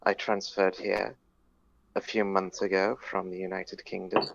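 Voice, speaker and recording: A man's voice: sits low, level tone, a little slow, creaky, no room sound. A man voicing an awkward, overly formal young British PhD student with stiff, polite, old-fashioned phrasing. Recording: lo-fi online voice chat.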